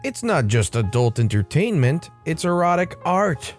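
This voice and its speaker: A man voicing a mischievous young man who talks in a deliberately embellished foreign accent, gushing in mock seriousness. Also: on the high side, very animated, soft background music, pitched above the performer's own voice. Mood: mock-reverent.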